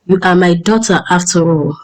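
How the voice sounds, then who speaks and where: A woman voicing a jealous, scheming mother who yells and barks orders in a storybook tale. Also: fairly low pitch, moderate pace, close to an everyday voice, low-quality recording. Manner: yelling, barking orders.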